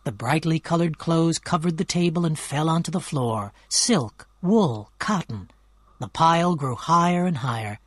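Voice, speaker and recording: A man's voice: fairly high pitch, expressive, a little slow, no room sound. Man narrating a storybook, dry sound. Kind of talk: scripted storybook narration for learners.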